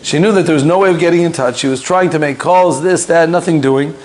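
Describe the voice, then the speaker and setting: Male rabbi, slightly high voice, casual storytelling lesson. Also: fast. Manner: animated storyteller, loose, with fillers and asides.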